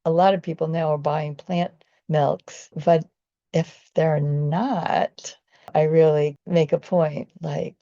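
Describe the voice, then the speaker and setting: Earnest woman rambling thru a story, low-ish gravelly voice, kinda dull lo-fi sound. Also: fairly even intonation, slow, warm tone, no room sound. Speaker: vegan activist. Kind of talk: casual personal storytelling.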